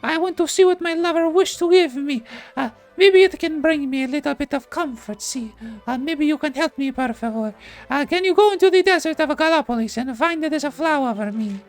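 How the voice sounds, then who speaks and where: A man voicing a grieving Italian woman in a high falsetto, with a put-on Italian accent and broken English. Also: fairly quick, hardly any pauses, faint music behind. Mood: mournful.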